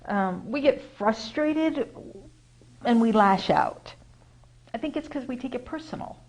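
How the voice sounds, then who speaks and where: A woman's voice: on the high side, unhurried, rough recording. American woman rambling through a casual talk, lots of ums and restarts, perks up to make a point. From United States. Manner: chatty, rambling with fillers and self-corrections; acts out quoted voices, gets animated when emphasizing. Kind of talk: casual spoken reflection.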